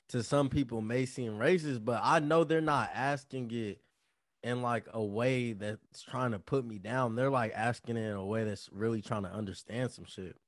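A man's voice: mid-range voice, dry recording. Blunt, profane young man, dry sound. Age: young adult. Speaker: podcast co-host. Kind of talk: casual chat.

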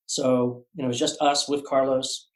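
A man's voice: mid-range voice, little pitch movement, moderate pace. A man telling a long story as an artist guest on a podcast, rambling with many fillers and restarts. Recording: roomy echo.

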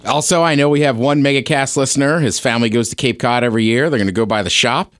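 A man co-hosting a casual podcast chat, telling stories in an animated way and acting out the voices of the people he quotes. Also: mid-range voice, fast, no echo, faint music behind. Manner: animated storyteller who acts out quoted voices. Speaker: podcast co-host.

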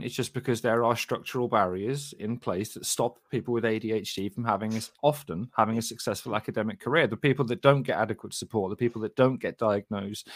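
A man co-hosting a podcast who explains things in a measured way and laughs easily. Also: mid-range voice, dry recording. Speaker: podcast co-host, academic. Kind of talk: casual podcast chat.

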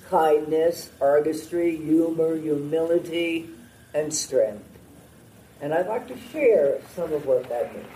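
An older man giving a formal, heartfelt prepared speech at a memorial ceremony, in a slow and measured way. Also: a little high, mellow, roomy sound, far from the mic, poor audio.

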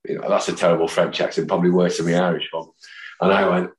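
A man in his fifties, a guest telling rambling, lively anecdotes and mimicking the people in them. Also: sits low, fast. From Manchester, England. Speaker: podcast guest, football fan. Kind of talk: anecdotal storytelling. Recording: roomy echo.

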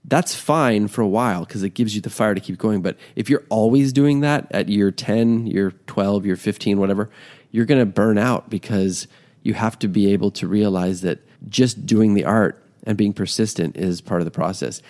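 A man hosting a podcast, talking in a put-on extra-low, quiet voice in a rambling, encouraging way. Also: moderate pace. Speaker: podcast host. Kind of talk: casual talk.

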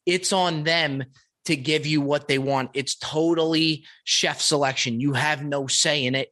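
An excitable male podcast host tells a story in a loose, casual monologue. His voice is bright and forceful and sits a little high for a man. He swears freely and circles back over the same points. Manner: excitable, profane and repetitive.

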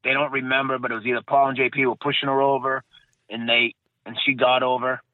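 Fast and level in tone, a mid-range male voice tells a personal story as a guest in a casual interview; he is a bombing survivor. He rambles, repeats himself and keeps revising what he says. There's no echo, and the sound is dry and tinny like a phone line.

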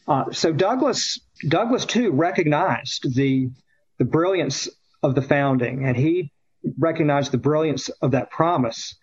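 A man speaking as a guest, telling a story in a halting way, full of fillers and restarts. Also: a little high, breathy edge, highs cut off. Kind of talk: conversational storytelling.

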